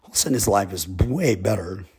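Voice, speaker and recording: A man's voice: on the low side, animated, fast talker, darkish tone, a little hiss or hum. A man from Texas, telling a rambling comic story with a drawl and chuckling asides. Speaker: comedic storyteller.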